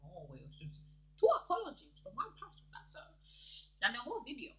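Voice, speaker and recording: Young zambian woman vlogging gossip, bright sharp voice, super animated and dramatic. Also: high-pitched, normal speed, poor audio. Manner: animated, dramatic, laughs often. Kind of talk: casual gossip commentary.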